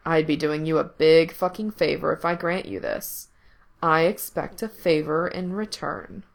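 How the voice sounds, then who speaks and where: A woman voicing a teasing, possessive young man in control, speaking low and murmuring close to the ear. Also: lively intonation, measured pace, gravelly. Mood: teasing, commanding.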